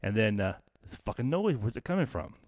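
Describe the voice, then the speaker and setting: A middle-aged man from the American South rambles through a story on his live stream, cursing constantly and tripping over restarts. His voice sits on the low side. The sound is close and dry, with no room around it. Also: big pitch swings, fairly quick, darkish tone, dry recording. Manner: profane, rambling, many fillers and restarts. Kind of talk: casual storytelling.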